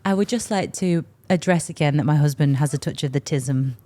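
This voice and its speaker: Low-voiced English woman, teasing. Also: a little fast, mellow. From England. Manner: teasing, laughs often. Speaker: podcast co-host. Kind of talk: casual chat.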